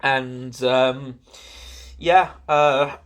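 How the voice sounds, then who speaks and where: An English man hosting a solo podcast, telling a story in a rambling, animated way with lots of "like" and "um". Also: medium pitch. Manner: rambling, full of "like" and "um"; animated, quick to sound exasperated. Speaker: podcast host.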